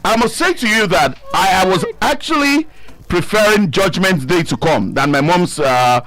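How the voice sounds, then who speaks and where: A man with a Nigerian accent, co-hosting a radio chat and telling an animated story, laughing often and acting out voices. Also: high voice, moderate pace. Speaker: radio co-host.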